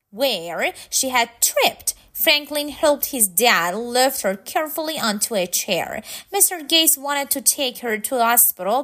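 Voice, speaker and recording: A woman reading a children's storybook aloud, clear and expressive. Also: on the high side.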